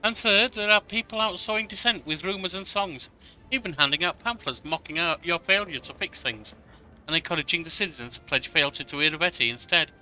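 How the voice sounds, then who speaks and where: A man's voice: a little high, a little fast, pushed and bright, pitched above the performer's own voice, low-quality recording. A man voicing an earnest young woman advisor who brings urgent news, read aloud from a game. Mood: alarmed. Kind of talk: reading game dialogue aloud.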